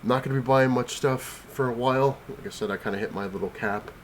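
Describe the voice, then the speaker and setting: A man's voice: mid-range voice, fairly quick, a little hiss or hum. A man vlogging from his couch while sick and out of breath, rambling casually with many fillers and restarts. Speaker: comic collector vlogger. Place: home, on the couch.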